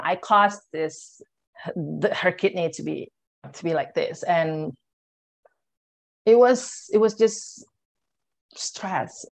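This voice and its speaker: A young woman speaks as an interview guest, her voice sitting a little lower than most. She tells her own story with energy, acting out the lines she and others said, and her phrasing runs loose with casual fillers. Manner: animated, acts out her own and others' words in quotes; loose phrasing with many "like" and "you know" fillers. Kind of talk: personal storytelling in conversation.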